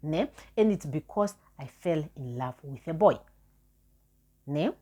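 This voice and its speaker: Woman vlogger, low husky voice, candid and repetitive storytelling. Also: expressive, a little slow, dark tone. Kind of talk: personal storytelling.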